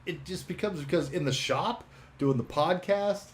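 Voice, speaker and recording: A man's voice: a little high, normal speed. A man co-hosting a podcast in casual chat, rambling, laughing often and swearing now and then. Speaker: podcast co-host and shop owner.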